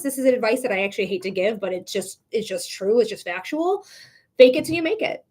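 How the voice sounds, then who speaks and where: Chatty encouraging woman reading tarot live. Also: a little high. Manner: encouraging, chatty, addresses viewers by name. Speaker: psychic reader.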